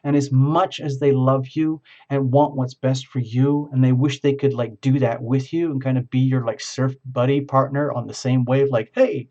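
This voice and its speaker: A man giving a tarot reading in a rambling, halting, effusive way. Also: medium pitch, little pitch movement, mellow, muffled recording. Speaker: tarot reader.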